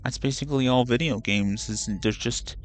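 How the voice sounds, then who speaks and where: A man's voice: mid-range voice, moderate pace, soft background music. A man streaming a video game, chatting casually in a rambling way, swearing freely, and often correcting himself mid-sentence. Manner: rambling, profane, self-correcting. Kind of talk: casual gaming livestream chat.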